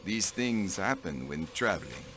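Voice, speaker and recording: A man's voice: low-pitched, very animated, measured pace, very noisy. An actor playing a haughty, cold male diplomat in a video game, speaking in clipped, dismissive lines. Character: haughty middle-aged male diplomat count.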